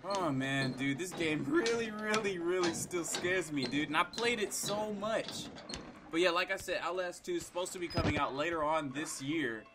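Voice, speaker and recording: A young man casually commenting while playing a horror game, joking and yelling in fright. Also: on the high side, moderate pace, very noisy. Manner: loud, jokey, yelps when scared. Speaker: gaming YouTuber.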